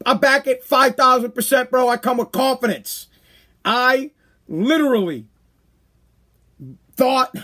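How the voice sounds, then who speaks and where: A man hosting his own live-stream podcast, talking in a brash, emphatic, self-mocking way and calling listeners "bro.". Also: very high voice. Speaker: podcast host. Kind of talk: casual live-stream monologue.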